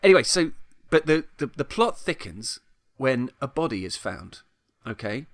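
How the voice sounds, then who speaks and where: On a podcast, a middle-aged man chats casually while retelling a film plot, rambling enthusiastically and restarting often. His mid-range voice is sing-song at a normal speed, with clean studio sound and no echo.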